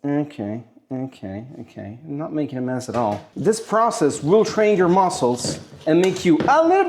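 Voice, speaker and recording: Playful home cook. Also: male voice, fairly high pitch, lively intonation, moderate pace, few pauses, darkish tone, slight background noise. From Italy. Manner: playful, exclamatory, self-mocking. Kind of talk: cooking demonstration.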